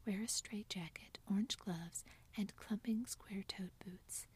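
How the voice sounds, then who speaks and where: A woman's voice: medium pitch, a little mellow, breathy edge. A woman voicing a blunt, tomboyish young woman who lectures, in a whispered role-play. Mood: scolding. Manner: whispered, brisk and scolding.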